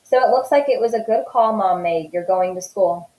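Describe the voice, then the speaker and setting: Woman reading as a quiet caring father, soft and low-key, storybook reading, echoey room. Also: normal speed, lightly acted. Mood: gentle. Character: gentle worried father, middle-aged man.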